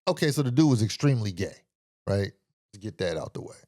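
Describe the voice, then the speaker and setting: Bay man hosting a podcast, animated storyteller, curses freely, makes sound effects, dry close sound. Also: lowish voice, fast, no room sound. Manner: animated, profane, uses vocal sound effects. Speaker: podcast host. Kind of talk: storytelling commentary.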